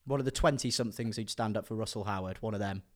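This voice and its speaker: A man's voice: on the low side, fast talker. A man, co-hosting a podcast in casual chat and dropping dry, sarcastic quips. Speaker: podcast co-host.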